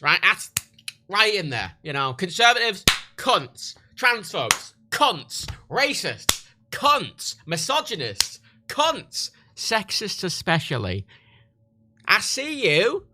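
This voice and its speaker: A man's voice: high-pitched, huge pitch swings, slow, sharp tone, slight background noise. A man with a British accent chatting on a livestream in a rambling, crude way, often breaking off and restarting. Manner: rambling, crude, self-interrupting. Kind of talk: casual livestream chat.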